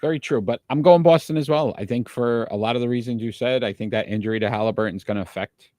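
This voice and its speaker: A man hosting a casual sports talk show, chatty and quick to laugh, calling out to his live viewers. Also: mid-range voice, darkish tone, dry recording, clean studio sound. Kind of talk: casual sports picks chat.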